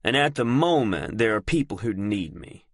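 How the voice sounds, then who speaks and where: A steady young man talks in a cool, even way, with a lively lift to his phrasing, as the narrator voices him. The sound is dry and close to the mic. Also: lowish voice, moderate pace, no echo. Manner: calm, firm, even. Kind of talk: audiobook character voice.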